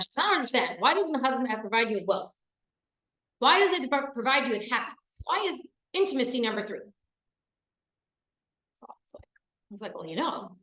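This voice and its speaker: Female teacher, earnest lecture delivery, leans on repeated words, roomy echo. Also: medium pitch. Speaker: teacher of a class for women. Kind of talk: lecture to a class.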